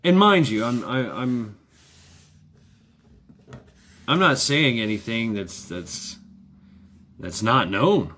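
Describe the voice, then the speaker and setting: A man's voice: medium pitch, expressive, slow, a bit bright. A man talking in a casual, rambling monologue, sardonic and profane, chuckling often. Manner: wry. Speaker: vlogger.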